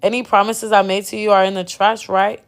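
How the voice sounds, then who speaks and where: A woman's voice: medium pitch, level tone, brisk, lightly acted. A woman reading the lines of a cold married man who talks harshly and dismissively. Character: cold married man dumping his mistress.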